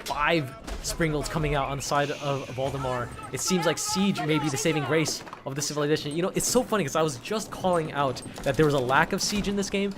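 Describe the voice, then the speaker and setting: A man's voice: on the high side, a little fast. Man casting a strategy game over music. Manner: rambling, restarts words, laughs. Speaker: caster. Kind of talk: live esports commentary. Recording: music playing behind.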